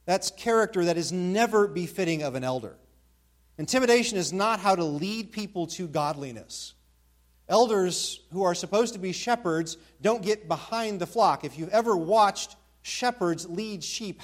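A pastor with a high-pitched voice delivers an expository sermon to his congregation. He stresses key words heavily and repeats them for emphasis, posing rhetorical questions to the church as he teaches.

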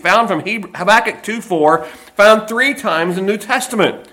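A pastor with a drawl and a high, light voice delivers a sermon. He leans hard on key phrases, slowing down to hammer them home, then slips into folksy asides. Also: pushed and bright. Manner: emphatic preaching, slows and stresses key phrases; folksy asides and personal stories.

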